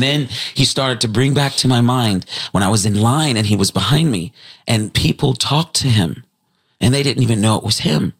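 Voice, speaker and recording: A man calling in to a radio show, retelling a story in an animated, breathless way. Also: medium pitch, brisk, breathy edge. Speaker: caller. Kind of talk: excited storytelling.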